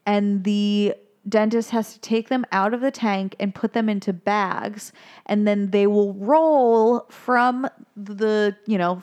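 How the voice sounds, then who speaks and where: Woman, podcast co-host, casual movie recap chat, chatty, lots of ums. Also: mid-range voice. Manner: chatty, many ums, acts out quotes.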